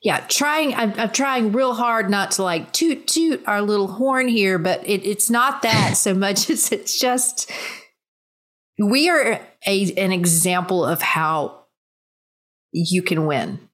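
Woman podcast co-host, slow-paced, upbeat casual chat. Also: medium pitch, lively intonation, a bit bright. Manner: encouraging, upbeat.

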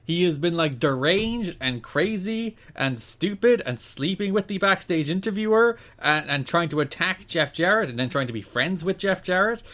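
A man co-hosting a wrestling podcast in casual chat, recapping with excited, rambling energy. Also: high-pitched, moderate pace, few pauses. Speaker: podcast co-host.

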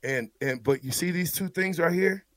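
A man's voice: fairly high pitch, normal speed, a bit bright, no room sound. A man, a former player, breaking down a football game in blunt, emphatic casual talk, often stumbling over repeated words.

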